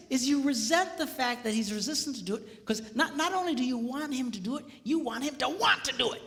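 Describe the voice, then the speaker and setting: A man's voice: very high-pitched, a little fast. A male pastor giving a comedic seminar talk, telling stories and acting out the dialogue. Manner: animated storytelling, acting out dialogue. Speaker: pastor and marriage speaker. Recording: echoey hall reverb, faint noise.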